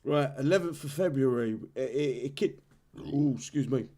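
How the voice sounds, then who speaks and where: A man's voice: mid-range voice, moderate pace, mellow. A man hosting a live stream, ranting heatedly about a game with lots of swearing and restarts. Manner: heated, sweary, repeats himself. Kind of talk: casual live-stream rant.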